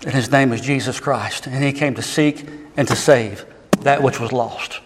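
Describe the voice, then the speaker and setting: A man preaching a sermon, impassioned and swinging between loud and soft. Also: medium pitch, normal speed, background noise. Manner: impassioned, rising and falling delivery. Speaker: pastor. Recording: long hall reverb.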